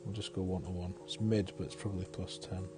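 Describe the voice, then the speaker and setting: A man's voice: deep voice, flat delivery, quick pace, over music. A man giving casual live-stream commentary on a game, chatty, thinking aloud and chuckling often.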